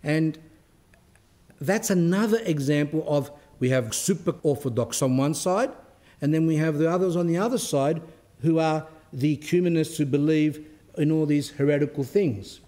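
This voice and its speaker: Male Orthodox cleric, slightly high voice, storytelling spiritual talk full of rhetorical questions, animated. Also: normal speed. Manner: grows animated and high when telling the story. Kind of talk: spiritual talk with a personal anecdote.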